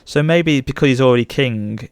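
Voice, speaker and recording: A young man commenting on his strategy game as a let's play host, gushing with excitement. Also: medium pitch, moderate pace, smooth, dry recording. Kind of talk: gameplay commentary.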